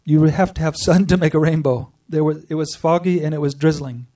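A man giving an earnest personal testimony to a group, telling his story with pauses and restarts. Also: fairly high pitch, steady tone, mellow, far from the mic. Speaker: speaker sharing a personal spiritual story.

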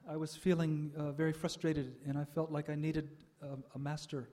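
Sharing his spiritual life story with an audience, an older man speaks in a flat, somewhat high voice. The testimony is reflective, broken up by frequent "uh" pauses and quiet laughter.

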